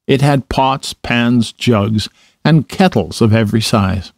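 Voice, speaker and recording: A man narrates a children's story with a clear, steady delivery. His voice sits at a middle pitch for a man. The recording is close and dry, with little room sound. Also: slow pace, dry recording. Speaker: storybook reader.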